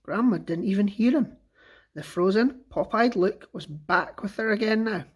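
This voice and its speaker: A man teacher reading a children's book aloud with expressive, lively storytelling. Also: high-pitched, moderate pace, breathy edge, dull audio.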